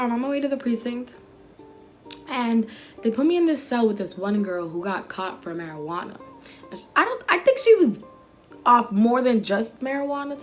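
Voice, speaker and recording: A young woman vlogger telling a story in an animated, sassy way, swearing freely. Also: a little high. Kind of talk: storytime vlog.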